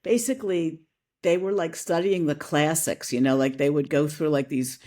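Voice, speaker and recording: A woman from Philadelphia, a guest on a podcast, talking about her career in a chatty, relaxed way full of "like"s. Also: low-pitched, normal speed. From Philadelphia, USA. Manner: chatty, relaxed, explains with many "like"s. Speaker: guest, creative director and editor. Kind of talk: casual interview chat.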